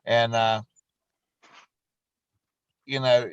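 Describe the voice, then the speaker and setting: A man's voice: medium pitch, level tone, drawn-out words, dull audio, a little hiss or hum. A man hosting a morning show, telling chatty stories and laughing along as he goes. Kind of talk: casual chat.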